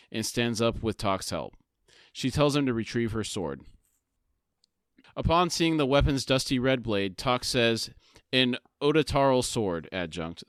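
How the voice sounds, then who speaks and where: A man's voice: medium pitch, dry recording. Man recapping a fantasy novel, dry sound. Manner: recaps the story, reading dialogue aloud in plain tones. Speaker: podcast co-host. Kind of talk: casual chat and plot recap.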